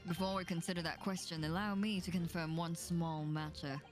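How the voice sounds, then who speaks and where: A woman reading the lines of a theatrical, eccentric male detective in measured, deliberate tones, voicing game dialogue aloud. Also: on the low side, steady tone, faint music behind, natural voice. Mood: haughty probing.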